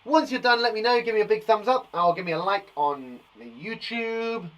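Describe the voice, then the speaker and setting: A man's voice: high voice, lively intonation, normal speed, a bit bright, muffled recording. A man teaching a phonics lesson to young children online, upbeat and playful, joking and praising often. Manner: upbeat and playful, sings and jokes.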